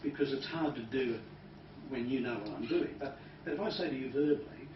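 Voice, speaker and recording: A man who is a hypnotist, leading a live training demonstration and talking in a calm, soft-spoken way that sometimes drops to a hush. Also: medium pitch, brisk. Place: training room with an audience. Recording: roomy, distant, dull recording with noise.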